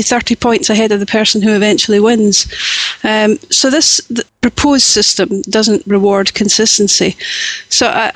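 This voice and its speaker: Female guest, mid pitch, thoughtful and hesitant, dry recording. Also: no echo, poor audio. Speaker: panel guest. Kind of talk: casual panel chat.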